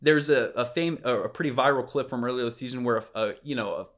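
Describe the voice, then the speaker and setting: A man's voice: mid-range voice, fast talker. A young man from Houston co-hosting a sports podcast, ranting in exasperated, profane bursts. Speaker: podcast co-host. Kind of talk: casual sports chat.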